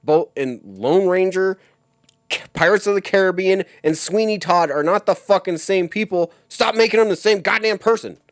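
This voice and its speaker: A man's voice: high-pitched, normal speed, no room sound, clean studio sound. A young man co-hosting a casual podcast, grumbling in exasperation and swearing often. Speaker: podcast co-host. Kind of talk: casual chat.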